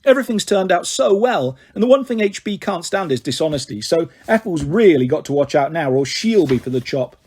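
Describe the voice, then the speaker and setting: A man's voice: a little high, lively intonation, fairly quick, few pauses, darkish tone, husky. A man reading aloud and voicing a loyal, chatty schoolgirl friend with a teasing manner. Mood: friendly.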